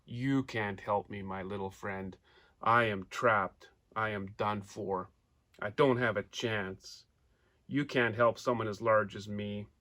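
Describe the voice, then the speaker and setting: A man voicing a trapped male lion who speaks slowly and heavily. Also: a little high, very animated, a bit bright, husky, full character voice. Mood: sad, hopeless. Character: trapped male lion, sad then grateful.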